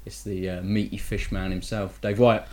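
A man's voice: on the low side, level tone, moderate pace, dark tone. A man hosting a casual gaming podcast, chatty and teasing, often ending points with tag questions. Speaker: podcast host.

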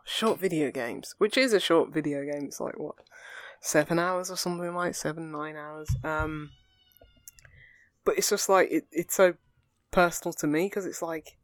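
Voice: medium pitch, normal speed, dry recording. A young adult, a podcast co-host in casual chat who rambles earnestly through fillers and restarts. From England.

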